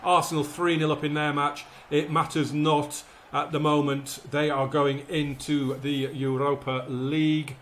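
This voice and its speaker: A man's voice: a little high, unhurried, few pauses, slight background noise. A man doing live commentary as he plays a football management game, calling the action and fretting about results. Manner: excitable, commentates like a match caller, frets aloud. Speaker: gaming YouTuber playing a football management game.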